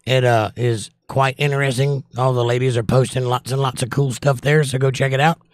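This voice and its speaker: Dry-voiced joking livestream host. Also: male voice, mid-range voice, fairly even intonation, fairly quick, no room sound. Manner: joking, upbeat greetings to viewers. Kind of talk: casual livestream chat, reading viewer comments.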